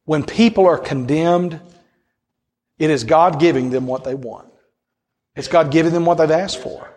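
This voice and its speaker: A man preaching with a high, ringing voice that climbs into passionate cries and sinks into hushed retelling. His words trail off into the long reverb of a big hall. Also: unhurried. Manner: impassioned, swings between soaring high cries and low hushed storytelling. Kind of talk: sermon.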